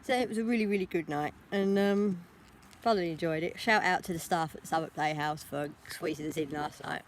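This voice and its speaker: A woman's voice: lowish voice, slight background noise. A tired young woman chatting in a rambling vlog, talking into her phone while walking outdoors. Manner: rambling, talks without pausing to think. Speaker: vlogger. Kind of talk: casual vlog chat.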